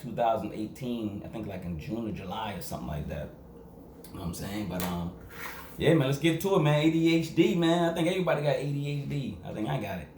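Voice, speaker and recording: Rambling man from Massachusetts, lively pitch. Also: slight background noise. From Quincy, Massachusetts. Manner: rambling, slangy, full of fillers and "you know what I'm saying". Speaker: album reviewer. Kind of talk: casual vlog review. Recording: echoey room.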